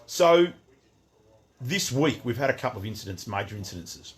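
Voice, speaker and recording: A man's voice: mid-range voice, animated, normal speed, slight background noise. A middle-aged Australian man hosting a casual livestream from his outdoor shop, greeting viewers by name and ranting in a rambling, chatty way with frequent restarts. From Western Australia.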